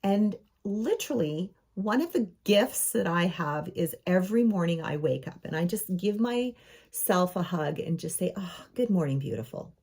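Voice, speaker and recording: A woman's voice: on the low side, lively intonation, a little slow, a little mellow, husky. A middle-aged woman coaching viewers on their homes in an enthusiastic, affirming way, calling them her friends. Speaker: space and home coach. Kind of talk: motivational coaching talk to camera.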